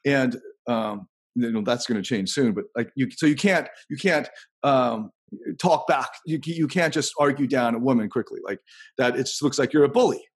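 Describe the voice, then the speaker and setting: A man's voice: medium pitch, moderate pace, husky. A man hosting a casual podcast conversation, rambling and thinking aloud as he tells anecdotes.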